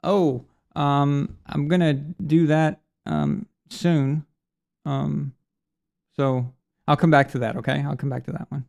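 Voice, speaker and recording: Guy rambling through a sports stream, gravelly voice, kinda high. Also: slow, darkish tone. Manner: rambling, reads viewer messages aloud. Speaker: sports show host. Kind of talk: casual live-stream chat.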